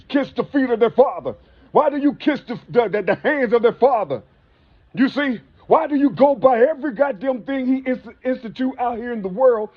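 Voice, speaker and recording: A man's voice: very high-pitched, lo-fi sound. A man in a rambling, preachy spoken monologue, full of rhetorical questions and profanity. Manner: preachy, repeats "you see" often.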